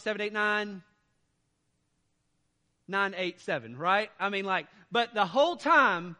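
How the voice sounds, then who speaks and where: A man delivers a sermon in a high, ringing voice. He moves from quiet, conversational asides to loud, emphatic declarations, preaching with conviction. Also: long reverb tail. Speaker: pastor.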